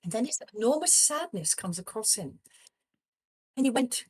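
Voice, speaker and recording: A woman's voice: a little high, normal speed, slightly rough. A woman, a psychologist, telling a personal story in conversation and acting out the people in it. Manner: animated storyteller, acts out quoted dialogue. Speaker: psychologist guest.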